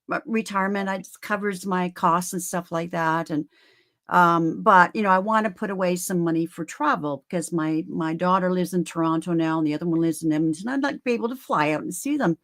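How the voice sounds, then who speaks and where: A woman in her seventies, a guest on a live call, telling stories in a rambling, animated way. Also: fairly low pitch, brisk. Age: 70s. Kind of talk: casual chat.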